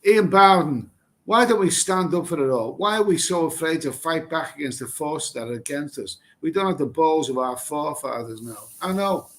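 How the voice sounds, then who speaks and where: A man's voice: fairly high pitch, expressive, normal speed, a bit bright. Blunt, rambling Englishman hosting a livestream. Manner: blunt, rambling, swears casually, repeats himself. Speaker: livestream host reading viewer comments. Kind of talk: casual live chat, reacting to comments. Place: Thailand.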